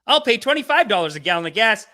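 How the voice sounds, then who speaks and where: A man doing a sugary, earnest late-night host who lectures his audience with wide-eyed sincerity. The voice sits raised and bright, swooping up and down in a pleading sing-song. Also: high voice, very animated, fast, voice pushed up, heavily acted. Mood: mock-earnest.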